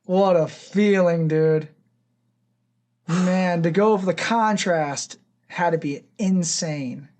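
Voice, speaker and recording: A man's voice: high voice, slow pace, a little mellow. A male podcast host who drops short reactions and follow-up questions in a casual interview.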